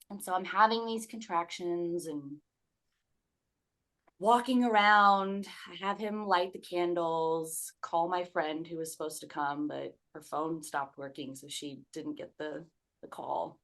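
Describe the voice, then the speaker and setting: A woman's voice: on the low side, fairly even intonation, slow, fairly bright tone. A woman telling a personal story as a podcast guest, casual and candid, swearing freely and acting out her own past remarks.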